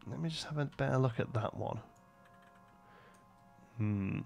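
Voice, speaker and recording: A man's voice: medium pitch, measured pace, vocal fry, a little mellow, soft background music. A young man live-streaming a building game, thinking aloud and chatting with viewers between frequent fillers. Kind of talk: casual live-stream commentary.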